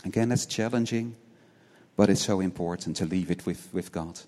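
A man's voice: deep voice, moderate pace, mellow. A man preaching a sermon in an earnest way. He often repeats words as he restarts and tags his points with rhetorical questions. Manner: asks many rhetorical questions, tagging points with "right?". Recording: long hall reverb.

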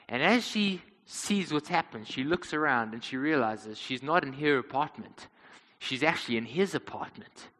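Earnest male preacher with a bright voice. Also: mid-range voice, in a large hall, rough recording. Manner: earnest storytelling, addresses listeners as friends. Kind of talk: sermon.

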